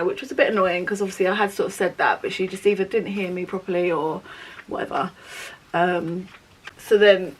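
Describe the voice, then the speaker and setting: A woman's voice: mid-range voice, rough recording. Chatty young woman. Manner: rambling, candid storytelling with frequent "like" fillers. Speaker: beauty vlogger. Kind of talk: chatty get-ready-with-me vlog. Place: at home doing makeup.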